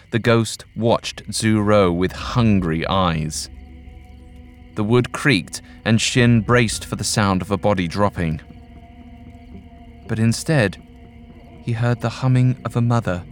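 A male storyteller reads a scripted ghost story in a calm, measured way. His low voice moves at an unhurried pace over soft background music. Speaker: narrator.

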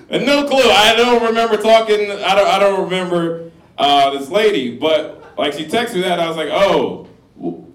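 A man's voice: high voice, lively intonation, unhurried, long pauses. A man in his thirties telling a crude comic story to a live crowd, loose and profane, often laughing. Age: 30s. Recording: roomy live room, voice from a distance.

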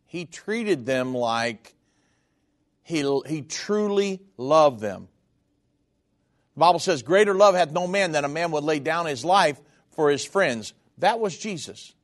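A man preaching in an earnest, heartfelt voice that sits a bit high for a man. He swings between soft, low passages and louder, raised ones as he goes. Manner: earnest, heartfelt, wide swings in pitch and volume. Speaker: radio preacher. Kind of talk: preaching sermon.

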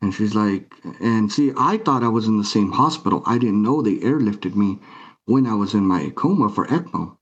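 A man with a low voice tells his own story with feeling. He acts out each exchange, voicing the others' lines as he recounts them. The sound is dull and lo-fi. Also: expressive, normal speed, slightly rough. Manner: retells scenes by acting out quoted dialogue. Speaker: guest. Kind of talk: emotional personal storytelling. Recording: muffled lo-fi recording.

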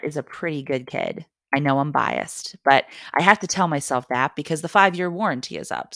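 Woman host, low voice, wry essay reading, dry close sound. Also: vocal fry, fairly bright tone, no echo. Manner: wry, humorous storytelling. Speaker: podcast host and mother. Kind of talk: reading a personal essay aloud.

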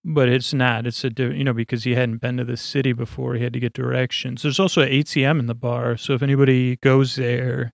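A man's voice: mid-range voice, level tone, fairly quick, creaky, hardly any pauses, no echo, clean studio sound. A man hosting a podcast, recapping a show in a meandering, filler-heavy way. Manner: rambling, lots of fillers and asides. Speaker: podcast host.

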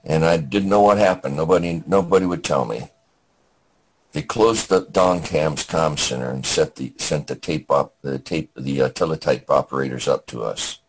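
An older man with an extremely deep, husky voice recounts his wartime memories. He speaks plainly and haltingly, often restarting a sentence before he finds his way through the story. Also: poor audio. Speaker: veteran guest.

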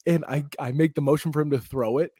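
Husky man telling comic stories. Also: a little high, fast, dry recording, clean studio sound. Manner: animated storytelling, acts out quotes in raised voices. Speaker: podcast co-host. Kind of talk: casual comedy podcast chat.

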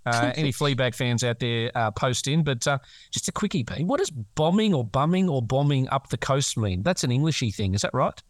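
A man's voice: medium pitch, expressive, brisk, no echo. A man with an Australian accent co-hosting a podcast, chatty and jokey, laughing often. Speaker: podcast co-host. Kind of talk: casual chat.

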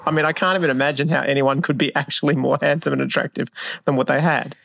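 Gravelly man, wry podcast co-host. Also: a little high, steady tone, quick pace, fairly bright tone, dry recording, studio quality. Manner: wry, musing, reflective. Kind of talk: casual pop culture chat.

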